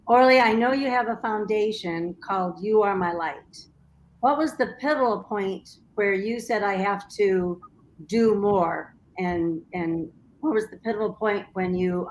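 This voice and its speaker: A woman's voice: mid-range voice, a little slow, a little hiss or hum. A woman hosting a talk show, asking her guest engaged follow-up questions. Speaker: host. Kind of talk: interview questions.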